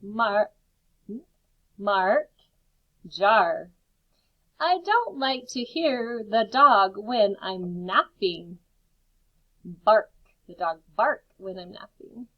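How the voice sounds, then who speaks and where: Slow, careful woman teacher sounding out words. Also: mid-range voice, expressive, lo-fi sound. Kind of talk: remote phonics lesson for young children.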